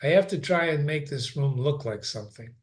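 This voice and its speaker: A man's voice: fairly high pitch, lively intonation, brisk, close to an everyday voice. A man reading the part of a pregnant young woman, lightly playful and affectionate with her husband.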